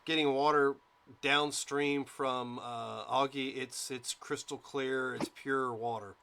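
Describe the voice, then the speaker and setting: A man runs a tabletop role-playing session as game master. His voice is bright and forward, and he talks in a relaxed, halting way, full of fillers as he describes the scene. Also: mid-range voice, gravelly, a little hiss or hum.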